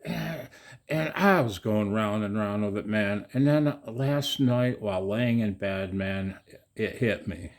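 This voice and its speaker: Slow, deep-voiced man rambling casually. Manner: chatty, profane, self-mocking. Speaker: video maker.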